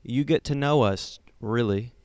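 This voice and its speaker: A man's voice: mid-range voice, a little slow, a little mellow, clear, resonant tone, no room sound. A man co-hosting a comedy podcast, rambling through jokey stories and slipping into silly voices. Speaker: podcast co-host. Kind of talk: casual comedic chat.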